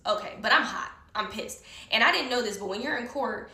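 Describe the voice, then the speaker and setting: A woman telling a personal story in a heated, profane, animated way. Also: fairly high pitch, fairly quick, recorded from a distance. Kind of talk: casual storytime. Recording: roomy echo.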